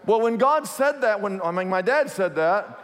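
A man preaching a sermon as a pastor, telling stories in an animated way and repeating his phrases. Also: sits high, normal speed, big-room sound, background noise. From Kansas, USA.

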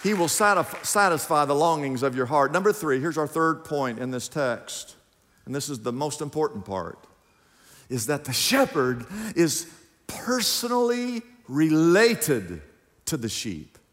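A man's voice: a little high, big pitch swings, measured pace, a bit bright, in a large hall. A man preaching a sermon in a church, emphatic and questioning the congregation directly. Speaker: pastor. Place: church sanctuary.

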